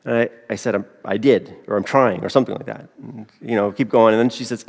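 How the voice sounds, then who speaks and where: Conversational pastor preaching in reverberant church. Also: male voice, on the low side, fast, vocal fry, hardly any pauses, a little mellow. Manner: conversational preaching with rhetorical asides. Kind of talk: sermon. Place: church sanctuary.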